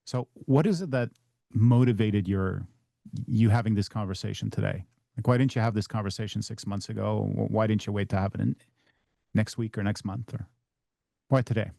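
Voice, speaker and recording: A man's voice: fairly low pitch, normal speed, creaky, warm tone, dry recording, studio quality. A man practicing a sales call as a trainee, hesitant and restarting often.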